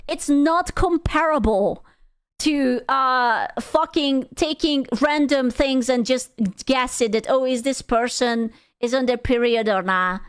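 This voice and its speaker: A woman's voice: sits high, slow, smooth, no room sound. A young woman streamer giving casual, rambling reaction commentary, swearing freely and sounding exasperated. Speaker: VTuber streamer.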